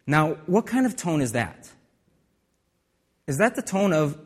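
A man's voice: fairly high pitch, big pitch swings, a little slow, long pauses, husky, long reverb tail. A man preaching a sermon as pastor, in a conversational way with asides and restarts.

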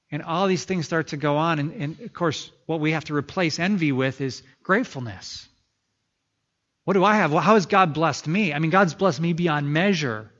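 A man's voice: a little high, normal speed, fairly bright tone, muffled recording. A man preaching a sermon as pastor, earnest and building to fervent prayerful pleas.

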